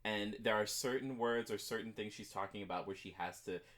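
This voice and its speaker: A man hosting a podcast interview, asking questions in a relaxed, joking way. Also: on the low side, fairly quick. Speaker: podcast host. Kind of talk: casual interview chat.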